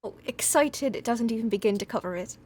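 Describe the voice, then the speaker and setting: A woman's voice: fairly high pitch, a little fast, slightly rough. A woman voicing a cheerful half-Irish young tutor in a tabletop role-play, with an Irish accent and a bubbly, flustered manner.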